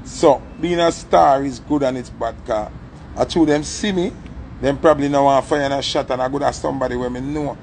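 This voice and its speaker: Gravelly Jamaican man telling a story. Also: mid-range voice, brisk, slight background noise. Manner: animated, acts out the story's voices, patois-heavy. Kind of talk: casual storytelling.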